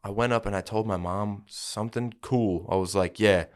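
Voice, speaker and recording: Young man, deep low voice, smooth and clear, casual profane storytelling on a podcast. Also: fairly even intonation, normal speed. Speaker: podcast host. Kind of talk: casual chat.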